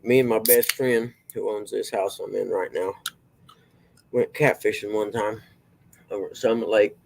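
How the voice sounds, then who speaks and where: A middle-aged man, talking in a gravelly, somewhat low voice. He rambles through folksy personal stories in a loose, drawling way, trailing off and circling back as he goes. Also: fairly even intonation, moderate pace, rough recording. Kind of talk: casual storytelling chat.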